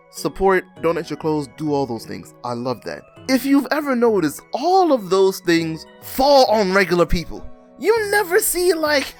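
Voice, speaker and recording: A young man recapping a comic in a casual, animated, slangy way, often laughing as he rants. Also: high-pitched. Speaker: comic reviewer.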